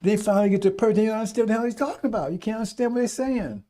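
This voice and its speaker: Very fast and mellow, a radio preacher's high voice rambles unscripted over a radio stream. He scolds folksily and now and then mimics people in mocking put-on voices.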